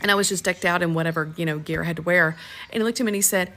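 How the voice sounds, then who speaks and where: A woman's voice: on the low side, steady tone, fast talker, fairly bright tone. A woman who once worked as a film extra, telling a story in a wry, amused way. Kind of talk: casual storytelling.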